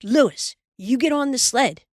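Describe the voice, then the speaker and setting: A woman voicing a bossy farm boy who boasts and shouts commands at his calves, in a storybook reading. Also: high-pitched, expressive, unhurried, dry recording, clean studio sound, voice pushed up.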